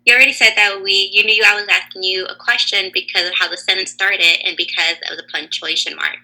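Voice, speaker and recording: Gravelly bright-voiced woman teaching kids. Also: medium pitch, steady tone, poor audio. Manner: encouraging, slow and clear questioning. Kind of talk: online lesson for young children. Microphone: video call.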